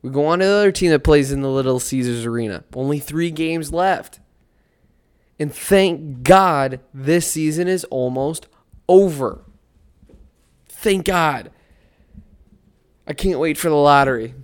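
A young man hosting a casual solo sports podcast, swinging between loud mock outrage and quiet mumbled asides. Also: on the high side, measured pace, pauses often, clean tone.

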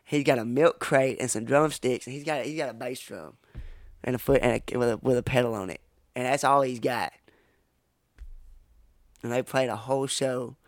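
A man's voice: mid-range voice, steady tone, moderate pace, pauses often, no room sound, studio quality. A young man, telling rambling, profane stories with a laugh on a podcast. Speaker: podcast co-host. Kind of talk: casual storytelling chat.

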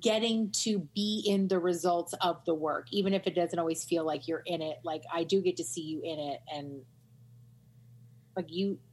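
A woman's voice: lowish voice, fairly even intonation, normal speed, darkish tone, a little hiss or hum. A woman co-hosting a podcast, talking candidly and emphatically, cursing freely and cheering her friend on. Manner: emphatic, profane, affirming, ranting. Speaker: podcast co-host. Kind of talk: candid casual chat.

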